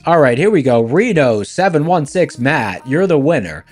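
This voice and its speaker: A man hosting a live trading stream, talking casually and playfully to his chat through a voice changer that lowers his voice. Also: very animated, moderate pace, hardly any pauses, soft background music. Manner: playful, talks straight to chat.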